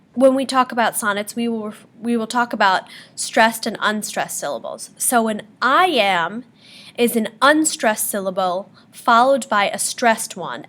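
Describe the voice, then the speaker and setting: A woman's voice: fairly high pitch, fairly bright tone. A woman teacher giving a patient classroom lecture on poetry terms, explaining step by step with frequent ums.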